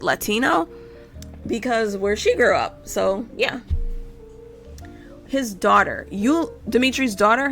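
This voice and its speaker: A woman's voice: mid-range voice, a bit bright. A young adult woman streaming live, chatting casually and rambling while she draws, with frequent self-interruptions and casual swearing.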